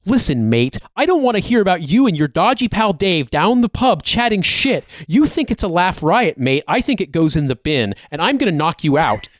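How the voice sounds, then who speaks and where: A man's voice: on the high side, big pitch swings, normal speed, hardly any pauses, dry recording, studio quality, pitched above the performer's own voice. A man putting on a mocking impression of a brash muscleman influencer with a strange mixed accent, with exaggerated swagger.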